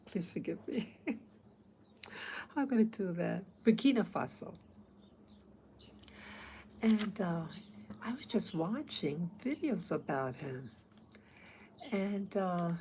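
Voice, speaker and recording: Speaking to camera in a lowish, darkish, gravelly voice, a woman vlogger chats casually on a low-quality recording with some background noise. She's from abroad, not Africa, and rambles hesitantly with lots of fillers.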